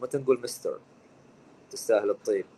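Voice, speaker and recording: Brief: upbeat man, Arabic-speaking English teacher, quick-paced live lesson host. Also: fairly low pitch, mellow, slightly rough, rough recording.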